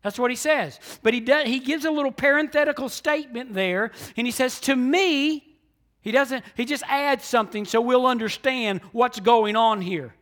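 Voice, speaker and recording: A man with a notably high voice delivers a sermon as pastor. He moves between hushed, almost whispered lines and loud, emphatic passages, driving his points home by repeating key phrases. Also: normal speed, few pauses.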